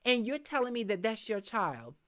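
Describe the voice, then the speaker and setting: A middle-aged woman hosting a live podcast, talking frankly and reading viewer comments, acting out quick asides as she tells stories. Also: fairly high pitch. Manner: frank, animated storytelling with voiced asides. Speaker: podcast host.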